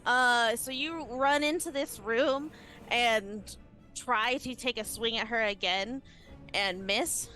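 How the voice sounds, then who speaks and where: Slow, higher-voiced woman game master. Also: faint music behind. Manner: relaxed, hesitant with many ums. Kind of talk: narrating a tabletop game on a live stream.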